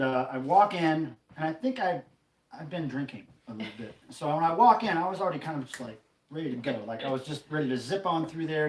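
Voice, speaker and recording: A man hosting a casual livestream, telling a rambling, animated story. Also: on the high side, reverberant, a little hiss or hum, rough recording. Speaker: livestream host.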